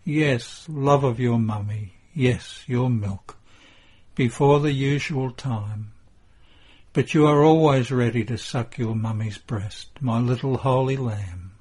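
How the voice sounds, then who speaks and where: Man doing a gentle young mother, soft tender words, breathy voice, unhurried storybook reading. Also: medium pitch.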